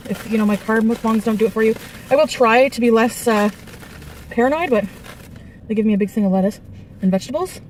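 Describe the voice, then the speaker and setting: A woman's voice: a little high, fast, long pauses, darkish tone, slight background noise. Chatty woman vlogging from her car. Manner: chatty, laughing often, eating between sentences. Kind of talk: casual storytime and car mukbang. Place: parked car.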